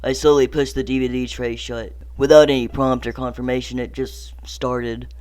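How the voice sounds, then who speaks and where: A man reading a horror story aloud as narrator, theatrical, dropping to hushed whispers and rising to anguished cries. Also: medium pitch, level tone, normal speed, clean tone. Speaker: creepypasta narrator.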